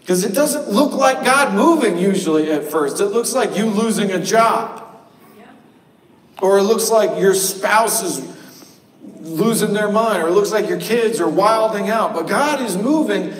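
A pastor preaching a sermon in a church sanctuary, conversational and joking. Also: male voice, high voice, far from the mic. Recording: cavernous echo from a live stream, voice from afar.

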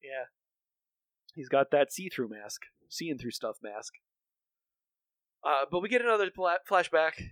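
A man co-hosting a podcast recaps a cartoon episode in casual, rambling chat, full of fillers and restarts. His voice is on the high side, sing-song and fairly bright, unhurried with long pauses, and there's no room sound.

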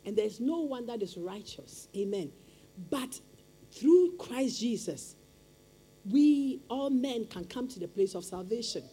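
A woman's voice: fairly high pitch, expressive, measured pace, mellow, breathy edge. A woman preaching a sermon with emphatic, repetitive call-and-response phrasing.

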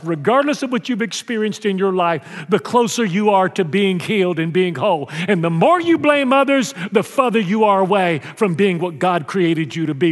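A man in his sixties, from Mexico, preaching a lively sermon as a pastor and acting out scenes. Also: high-pitched. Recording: long hall reverb.

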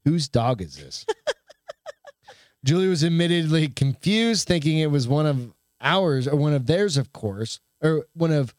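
A man's voice: a little high, expressive, unhurried, no room sound, clean studio sound. A man co-hosting a casual podcast, swearing freely and stumbling as he reads a news story aloud. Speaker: podcast co-host. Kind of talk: casual chat.

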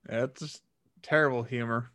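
A man's voice: medium pitch, steady tone, normal speed, a bit bright. A man chatting casually about a film, laughing often and retelling scenes vividly.

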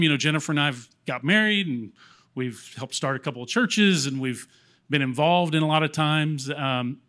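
A man in his forties with a slightly high voice, telling his testimony into a handheld mic on a church platform. He rambles, pokes fun at himself, and gets choked up along the way. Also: fairly bright tone. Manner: rambling, self-deprecating, getting choked up. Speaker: church member sharing testimony. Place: church platform, in front of congregation.

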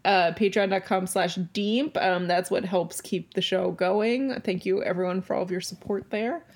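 A woman's voice: medium pitch, steady tone. A woman co-hosting a podcast in casual chat, easygoing and wry. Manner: easygoing, wry, quick to laugh along. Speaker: podcast co-host.

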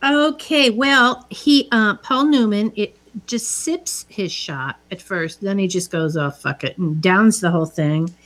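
A woman's voice: mid-range voice, slow pace, few pauses, fairly bright tone. A woman casually retelling a movie's scenes, quoting the characters as she goes. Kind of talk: casual movie recap chat.

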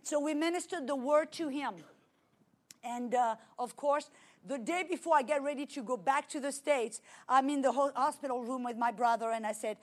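French-accented woman preaching a lively testimony. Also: high-pitched, moderate pace. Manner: animated storytelling with dramatic swings in loudness. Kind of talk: testimony sermon.

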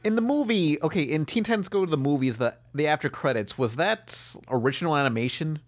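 A man's voice: a little high, animated, a little fast. A man in a casual group chat, easygoing and trailing off as he searches for words.

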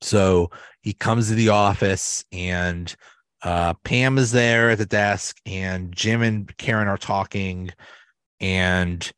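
A man hosting a podcast, casually retelling sitcom episodes in a rambling, halting way with restarts and laughter. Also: sits low, steady tone, a bit bright, clean tone, no room sound. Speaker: podcast host. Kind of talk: casual solo recap.

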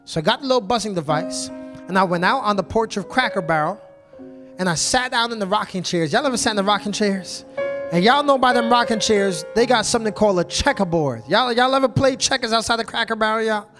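A male preacher tells a story from the pulpit in a very high voice. He keeps checking in with the congregation and asking for an amen. Soft music plays behind him in the church. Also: lively intonation, fast talker. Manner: call-and-response, repeatedly asks the congregation "y'all". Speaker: pastor. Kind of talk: storytelling sermon.

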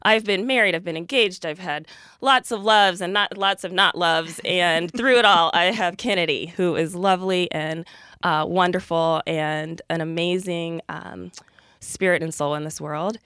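A woman's voice: lowish voice, moderate pace, clean tone, no room sound, clean studio sound. A woman as a podcast guest, speaking in an earnest, heartfelt way about her life. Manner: gives frequent soft affirmations while listening. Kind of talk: reflective interview talk.

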